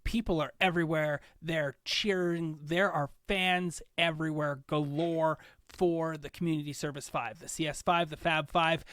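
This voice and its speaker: A man's voice: a little high, a bit bright, no room sound, clean studio sound. A man running a tabletop game as game master, narrating scenes in a chatty, rambling way.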